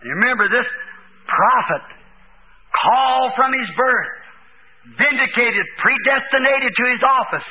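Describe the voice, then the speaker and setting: High-voiced fervent preacher on lo-fi tape. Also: male voice, measured pace. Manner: fervent, hollering quotes with sudden shouts. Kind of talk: revival sermon. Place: church service. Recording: tinny lo-fi old tape recording.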